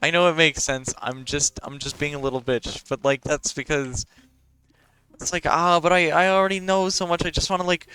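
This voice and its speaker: A man's voice: a little high, steady tone, normal speed, pushed and bright, clear, resonant tone, no echo. A young man, talking in a casual, rambling and profane way as a podcast host.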